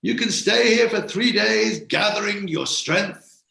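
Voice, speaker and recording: A man voicing a jolly, hearty lord of a castle in a told story, speaking with big boastful warmth. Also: high-pitched, measured pace, creaky, echoey room, voice pushed up, heavily acted. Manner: roaring laugh, hearty and boastful.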